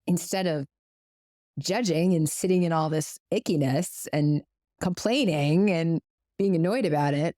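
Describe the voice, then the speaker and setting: A woman's voice: low voice, a little slow, mellow, no echo, studio quality. Frank, playful woman podcast co-host. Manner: frank, playful and sarcastic, swears casually. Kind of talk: casual conversational podcast.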